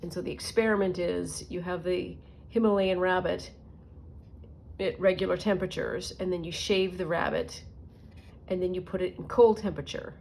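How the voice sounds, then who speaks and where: A woman's voice: lowish voice, steady tone, normal speed, creaky, a little mellow, a little hiss or hum. Middle-aged woman chatting while crafting. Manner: rambling storyteller, muttering to herself while working. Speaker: junk journal crafter. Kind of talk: casual crafting vlog chat.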